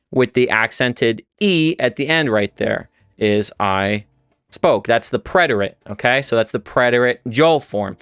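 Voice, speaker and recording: Man, native English speaker, teaching Spanish, casual and rambling, mid pitch, smooth voice, dry sound. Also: a bit bright, no room sound. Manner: casual, rambling with frequent restarts. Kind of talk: livestream lesson.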